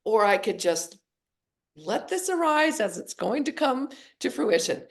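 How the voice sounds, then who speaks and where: A middle-aged woman, a psychologist and author, talking as a podcast guest and telling stories in an animated way. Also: fairly high pitch, measured pace, gravelly. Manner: storytelling, animated voicing of quoted people. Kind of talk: podcast interview.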